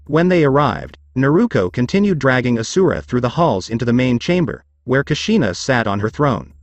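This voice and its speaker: A man narrating a scripted story in a steady storytelling read. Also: mid-range voice, moderate pace, no echo, muffled recording, soft background music.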